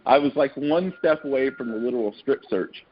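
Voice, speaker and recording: Guy on a muffled call, lowish husky voice, tells stories and does the voices. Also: fairly quick. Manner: animated storyteller who acts out quoted people. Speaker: guest speaker on a team call. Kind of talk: storytelling training talk.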